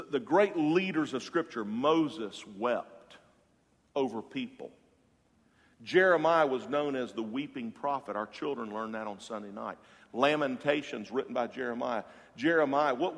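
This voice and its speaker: Pastor, fairly high male voice, fiery then hushed delivery, sanctuary reverb. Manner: impassioned preaching, swinging from loud to hushed. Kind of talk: sermon. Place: church sanctuary. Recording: long hall reverb.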